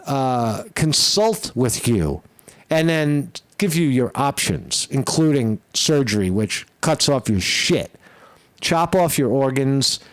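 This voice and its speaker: A man hosting a political commentary show, ranting bluntly and profanely with many halting restarts. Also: medium pitch, dry recording.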